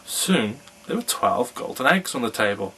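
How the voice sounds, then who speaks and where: A man reading a fairy tale aloud in a slow, measured storytelling manner. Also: mid-range voice, big pitch swings, pushed and bright, breathy edge, low-quality recording.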